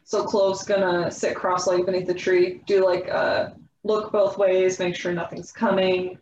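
A woman's voice: fairly low pitch, flat delivery, a little slow, a little mellow, slight background noise. A woman playing a tabletop game, casual, giggly and hesitant with ums. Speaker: player. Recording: echoey slightly dull room sound.

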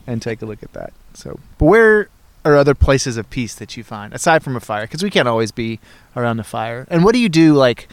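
A man's voice: mid-range voice, sing-song, no echo. Easygoing, thoughtful man chatting. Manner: easygoing, thoughtful, a bit halting. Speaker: co-host in church work. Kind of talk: casual chat. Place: outdoors by a campfire in cold weather.

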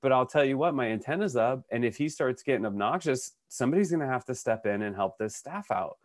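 A man of middle pitch tells a story on a podcast in a loose, conversational way. He acts out the lines of the people in his story and often restarts his sentences. The sound is dry and close. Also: fast, dry recording. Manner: animated storyteller who acts out quotes, with frequent restarts. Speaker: podcast co-host.

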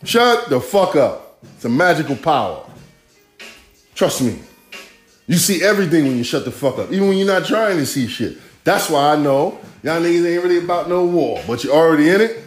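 A man's voice: on the high side, expressive, fairly quick. A man hosting a podcast, ranting casually in profane, rambling, rhythmic street talk. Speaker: podcast host. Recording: echoey room, faint music.

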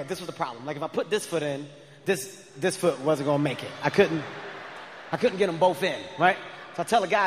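A man in his thirties performing a stand-up comedy set, telling stories with loud animated outbursts. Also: on the high side, a little hiss or hum. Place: large arena stage. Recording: live arena with long reverb.

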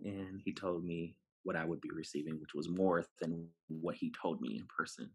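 Low, husky-voiced man telling a story. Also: normal speed. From New York City. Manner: animated, acts out dialogue, laughs while telling. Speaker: podcast guest. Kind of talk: personal storytelling.

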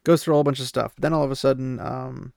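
A man's voice: mid-range voice, fairly even intonation, fast talker, gravelly, darkish tone, no echo, studio quality. A man casually retelling a fantasy novel, rambling and slipping into the characters' voices, with opinionated asides. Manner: rambling, acts out the characters' quotes loosely. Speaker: book recapper.

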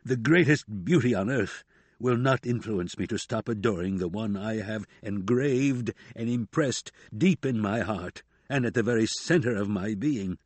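A man's voice: lowish voice, measured pace, slightly rough, no room sound. A man voicing an aging, deluded male knight who speaks in archaic, ceremonious phrases. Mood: ardent.

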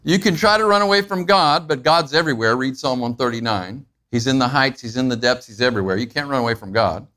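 A man's voice: fast, hardly any pauses. A man preaching a sermon in a conversational way, asking his listeners questions and acting out everyday moments. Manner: acts out everyday moments with animated pitch jumps. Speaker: pastor.

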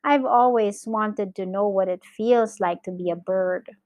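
A woman voicing a cheerful small boy in a storybook reading, sounding bright and wondering. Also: medium pitch, measured pace, no echo, close to an everyday voice. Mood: delighted.

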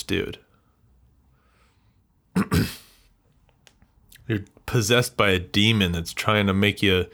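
A man's voice: lowish voice, a bit bright. A man hosting a solo podcast, talking in a bitter, rambling, self-mocking rant with swearing. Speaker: podcast host.

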